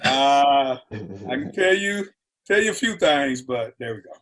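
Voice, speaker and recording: A comedian guest on a talk show, telling stories in a lively way and acting out quotes, sometimes shouting. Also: male voice, mid-range voice, unhurried. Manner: acts out quotes with loud shouting asides. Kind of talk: animated storytelling on a talk show.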